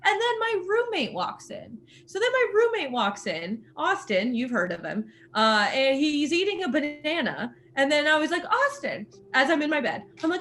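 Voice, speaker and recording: Young female podcast co-host, slightly high voice, animated casual storyteller. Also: normal speed, few pauses. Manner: animated, laughs while telling stories.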